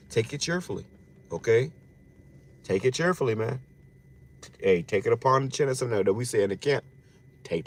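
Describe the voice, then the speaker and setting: A man giving an informal scripture teaching in slangy street talk, often repeating phrases and restarting his words. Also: medium pitch. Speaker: religious teacher.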